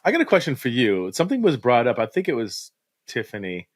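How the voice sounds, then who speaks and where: A man's voice: medium pitch, wildly swooping pitch, fast talker. A man in a mid-range voice hosts a casual podcast, chatty and often laughing, asking long, rambling questions. His voice sounds dry and close, with no room echo. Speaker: podcast host. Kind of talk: casual conversation. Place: home basement.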